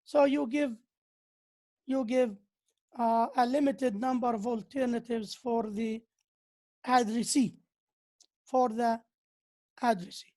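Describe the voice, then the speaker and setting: A woman's voice: on the high side, fairly even intonation, takes it slowly, long pauses, darkish tone. A woman lecturing on grammar who often repeats key phrases and reads out examples. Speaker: university lecturer. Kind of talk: slow lecture on English grammar.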